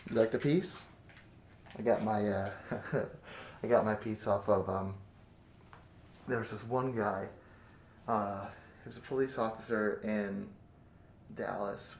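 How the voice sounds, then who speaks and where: A man acting as a crude, menacing bandit captor in a 3D audio role-play, swinging between close whispers and loud taunts. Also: fairly low pitch, reverberant, slight background noise. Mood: boastful.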